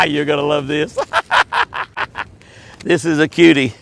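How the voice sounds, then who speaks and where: Gravelly, chuckling man chatting outdoors. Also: a little high, fairly even intonation, takes it slowly, pauses often, fairly bright tone. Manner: folksy, chuckling, talks sweetly to his dogs. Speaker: host. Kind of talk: casual outdoor chat to camera. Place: outdoors, walking in the woods.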